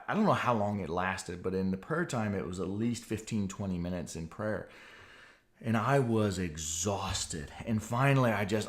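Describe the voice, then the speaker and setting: A man in his forties with a fairly low voice tells a personal testimony on a podcast. He speaks earnestly and with animation, like someone reliving what happened to him. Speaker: podcast host.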